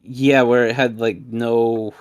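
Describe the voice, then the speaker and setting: A man co-hosting a casual chat, cracking wry deadpan jokes and sarcastic asides. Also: mid-range voice, slow, dry recording, clean studio sound. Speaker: podcast co-host.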